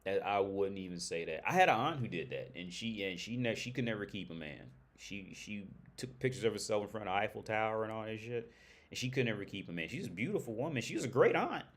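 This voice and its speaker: Man, livestream host, casual commentary, rambling and profane, lively pitch. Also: fast talker. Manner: blunt, profane, rambling with restarts and laughs.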